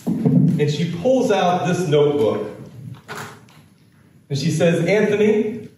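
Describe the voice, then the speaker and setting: Slow-paced man telling a story in an echoey hall. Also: fairly high pitch, sing-song, mellow, distant mic, a little hiss or hum. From United States. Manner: slow, dramatic storytelling with acted quotes. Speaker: keynote speaker. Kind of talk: storytelling talk on stage.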